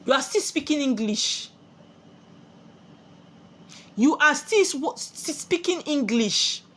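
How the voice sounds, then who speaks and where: A woman's voice: sits high, lively intonation, slow pace. A woman with a Nigerian accent giving a spiritual sermon, preachy and full of rhetorical questions she answers herself. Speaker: spiritual teacher.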